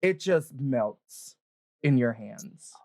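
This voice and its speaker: A man's voice: medium pitch, expressive, drawn-out words, gravelly, darkish tone, dry recording. A man narrating a tabletop game as game master in a casual, rambling way, full of fillers. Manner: rambling, lots of "like" fillers, laughs often.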